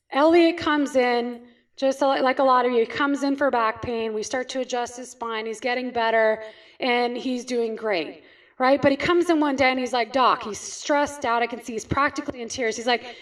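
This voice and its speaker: Speaking to an audience as a chiropractor, a Californian woman with a high voice tells stories and poses questions she answers herself, frequently adding "right?". Her voice reaches the mic from some distance away.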